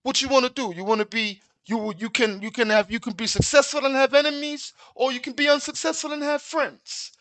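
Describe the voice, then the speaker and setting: A man voicing a calm, knowing male film gangster boss who coaxes and lectures. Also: very high voice, brisk, hardly any pauses, no echo, pitched above the performer's own voice. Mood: lecturing.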